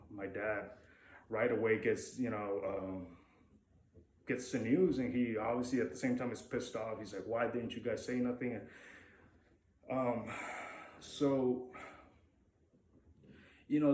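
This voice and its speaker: A man's voice: mid-range voice, measured pace, long pauses, darkish tone, a little hiss or hum. Candid man telling a story, echoey room. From Mexico. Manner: candid, swears freely, rambling with restarts. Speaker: vlogger. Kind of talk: casual storytelling to camera. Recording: echoey room with faint ambience.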